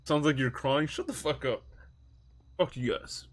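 A young man streaming a heist roleplay, rambling and swearing as he thinks the plan out loud. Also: mid-range voice, unhurried, no room sound. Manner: rambling, profane, thinks aloud while planning. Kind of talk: casual gaming chat.

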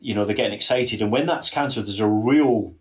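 A man with a lowish voice explains military history as a podcast guest. He is earnest and thorough, with frequent false starts and restarts. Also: quick pace. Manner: earnest, detailed, many restarts. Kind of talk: casual history podcast chat.

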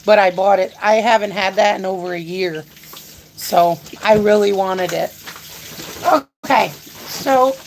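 Slow, chatty woman live-streaming a haul. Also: mid-range voice, a little hiss or hum, poor audio. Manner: chatty, rambling, talks to viewers and her dog. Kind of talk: casual live grocery haul chat.

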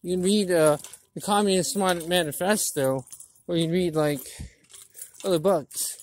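A woman's voice: on the low side, unhurried, a little mellow. A woman vlogger delivering a blunt, profane political rant, indignant and preachy, with many restarts.

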